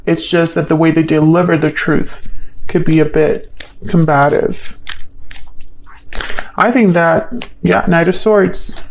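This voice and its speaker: A woman's voice: on the low side, darkish tone, rough recording. Woman thinking aloud through a tarot reading. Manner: thinks aloud, hesitant, questions the cards. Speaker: tarot reader. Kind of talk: solo tarot reading to camera.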